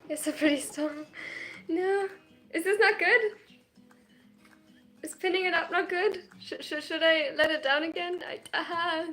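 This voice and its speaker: A woman's voice: very high-pitched, a bit bright. A 22-year-old woman from Germany, live-streaming at home and reading viewer comments aloud. She talks in a shy, self-conscious way, with hesitant restarts and nervous laughs.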